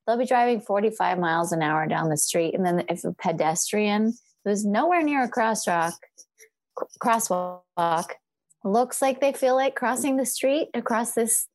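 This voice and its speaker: A woman from California tells a story in relaxed conversation. She laughs a lot and acts out the people in it. Her voice sits at an ordinary pitch, recorded close and dry with no room sound. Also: gravelly, dry recording. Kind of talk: casual storytelling chat.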